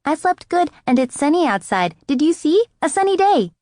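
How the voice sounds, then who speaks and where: A woman voicing an excited, bouncy little girl who talks in a loud sing-song way. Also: sits high, moderate pace, no room sound, studio quality, pitched above the performer's own voice.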